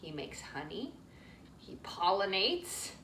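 Animated woman teaching kids' yoga. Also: mid-range voice, slow. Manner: playful, sing-song, coaxing, with animal sounds. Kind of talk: leading a kids' yoga class. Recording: roomy sound from a distant mic.

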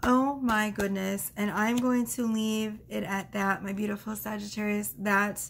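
A woman tarot reader talking gently and affectionately to her viewers, reading oracle card messages aloud slowly. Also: mid-range voice, little pitch movement, gravelly, slight background noise.

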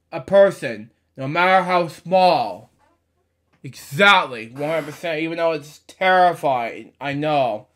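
A man's voice: a little high, fairly bright tone. A man reading a children's picture book aloud, stumbling over words and breaking off for chatty side comments. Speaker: storybook reader.

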